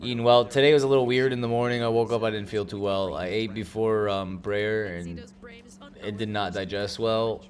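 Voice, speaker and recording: A young man hosting a stream, chatting loudly and joking in a rambling, casual way at a desk mic. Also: fairly low pitch, level tone, moderate pace. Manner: loud, joking, rambling banter. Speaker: streamer host. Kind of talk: casual chat.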